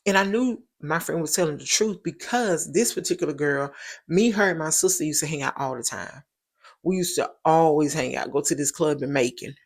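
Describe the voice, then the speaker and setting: A woman, hosting a show and telling a personal story in a casual, emphatic way, often repeating her points for stress. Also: low-pitched. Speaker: show host.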